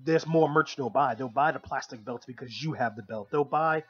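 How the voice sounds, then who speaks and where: A man's voice: mid-range voice, normal speed, music in the background. A man co-hosting a radio talk show, giving long, opinionated explanations in casual chat. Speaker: co-host of a wrestling review show. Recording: lo-fi radio broadcast.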